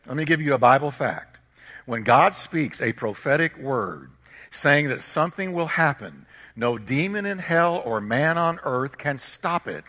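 A man's voice: mid-range voice, expressive, unhurried, pushed and bright, in a large hall. A man preaching a sermon as a pastor, emphatic, repeating his points and firing rhetorical questions at the congregation.

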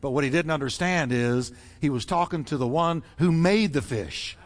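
A man's voice: fairly high pitch, animated, moderate pace. A man preaching a sermon as pastor, fervent and rhythmic, building repeated phrases. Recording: long reverb in a large hall.

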